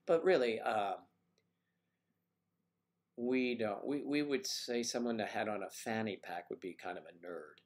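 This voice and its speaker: A man's voice: unhurried, long pauses. An American man hosting a casual livestream from home, reading viewer comments with playful, teasing banter. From United States. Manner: playful, teasing, animated jumps in pitch. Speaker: livestream host.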